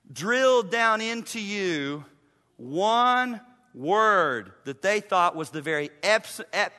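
High bright-voiced preaching man. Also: in a large hall. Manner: impassioned, swings between loud emphasis and hushed asides. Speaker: pastor. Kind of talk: sermon. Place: church sanctuary.

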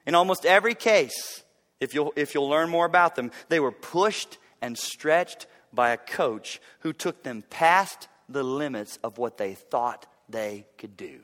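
A man in his forties delivers a sermon from the pulpit, his voice high and bright. He tells stories in an animated way and breaks into loud bursts as he acts them out. The hall adds a long echo behind him. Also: a little slow. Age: 40s. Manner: animated storytelling, acting out bursts of loud effort. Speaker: pastor. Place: church sanctuary.

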